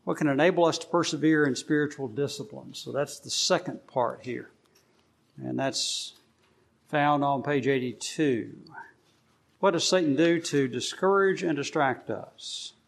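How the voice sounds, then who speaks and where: A man's voice: a little high, unhurried, creaky. A middle-aged man leading a casual group Bible study, teaching in a plain, conversational way with frequent fillers and restarts.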